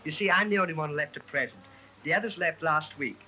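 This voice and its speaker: A man's voice: a little high, quick pace, sharp tone, a little hiss or hum, low-quality recording. A man playing a bashful man posing as a housemaid in a 1930s film comedy, giggling and fumbling his words. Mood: flustered, giggly.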